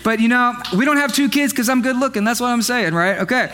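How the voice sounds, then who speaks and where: A young man preaching a comedic sermon to a live church congregation, animated and joking, with playful asides to the crowd. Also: extremely high pitch, quick pace, few pauses. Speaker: pastor. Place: church sanctuary with live audience.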